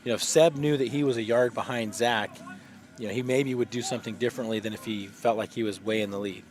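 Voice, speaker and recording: A man's voice: mid-range voice, fairly even intonation, quick pace. A man giving live long-drive golf commentary, chatty and explanatory, often using fillers.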